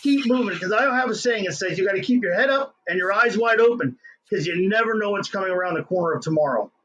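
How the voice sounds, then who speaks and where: A middle-aged man, an inventor telling his story as an interview guest in an excitable, hyper way. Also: high-pitched, quick pace, dull audio, a little hiss or hum.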